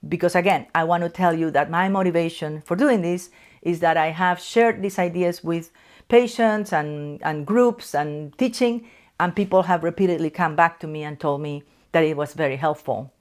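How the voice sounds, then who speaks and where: A middle-aged woman from Spain with a Spanish accent, a psychoanalyst explaining concepts to camera from a chair in her office in a measured way. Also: on the low side. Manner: measured, explanatory, slows to stress key terms. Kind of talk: educational talk to camera.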